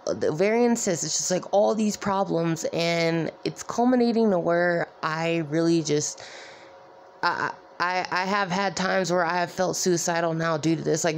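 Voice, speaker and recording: A weary woman talks to her viewers in a personal vlog. Her voice sits a little low and has a gravelly fry. She rambles and halts, filling gaps with "like.". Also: slight background noise. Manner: rambling, halting, many repeated "like"s. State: weary and distressed. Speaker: vlogger.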